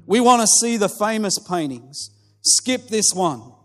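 A man voicing an impatient male bidder at an auction who shouts indignantly. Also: high voice, unhurried, voice pushed up. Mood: angry shouting. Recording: long hall reverb with soft music.

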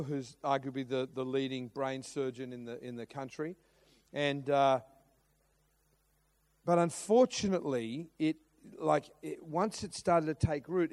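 A man's voice: on the high side, darkish tone. A middle-aged man preaching a sermon, telling a story with lots of restarts and acted-out quotes. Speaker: pastor.

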